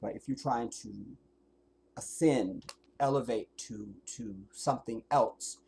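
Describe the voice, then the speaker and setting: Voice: mid-range voice, a little slow, vocal fry, darkish tone, breathy edge. Blunt, profane livestreamer. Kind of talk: livestream rant.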